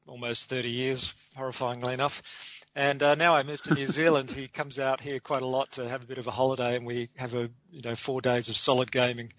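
A man's voice: medium pitch, dry recording. Enthusiastic middle-aged man, lo-fi. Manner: enthusiastic, chatty, frequent ums. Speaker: graphic designer guest. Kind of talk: casual interview answers. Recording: dull lo-fi dry sound.

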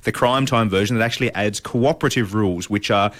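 A man's voice: fairly low pitch, fast, fairly bright tone. A man co-hosting a podcast, chatting casually and with animation about board games. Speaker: podcast co-host. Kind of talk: casual chat.

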